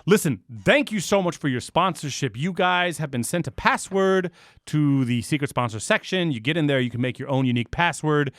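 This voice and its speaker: Podcast dude rambling and cursing, bright voice that jumps all over, dry close mic. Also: male voice, fairly high pitch, a little fast, no room sound. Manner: rambling, profane and excitable. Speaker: podcast co-host. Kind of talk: casual chat.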